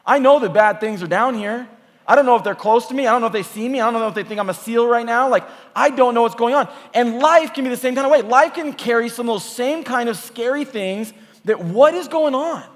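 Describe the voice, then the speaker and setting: A man in his thirties, a youth pastor, preaching to a youth camp in a casual, animated way, full of "like"s. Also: very high-pitched, a little fast, long reverb tail. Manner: casual, animated storytelling with many "like"s. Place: large church hall or auditorium.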